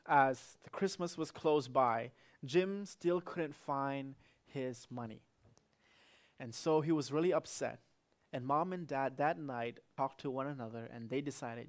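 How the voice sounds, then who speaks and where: A male pastor telling a story in a sermon, animated, swinging between loud and hushed. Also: medium pitch, quick pace.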